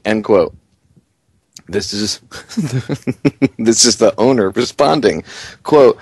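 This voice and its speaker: Male radio host, excitable and indignant, lowish voice, dry close mic. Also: slow, long pauses, husky, no room sound. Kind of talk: talk radio commentary.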